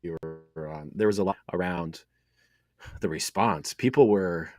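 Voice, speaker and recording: A man's voice: low-pitched, measured pace, darkish tone, no room sound, studio quality, faint music behind. A man co-hosting a casual faith podcast, talking in a rambling way with many fillers and restarts. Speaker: podcast co-host.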